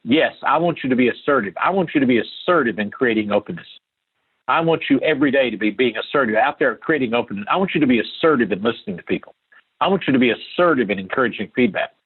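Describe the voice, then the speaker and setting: A man's voice: mid-range voice, animated, fast talker, slightly rough, phone-quality sound. An older man from Appalachia, a guest answering interview questions in an earnest, emphatic way that repeats key phrases.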